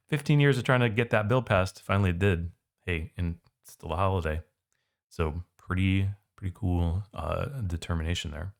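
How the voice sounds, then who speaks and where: A man's voice: low-pitched, normal speed, gravelly. A man tutoring for the SAT, walking through test questions in a casual, conversational way. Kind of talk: test prep walkthrough.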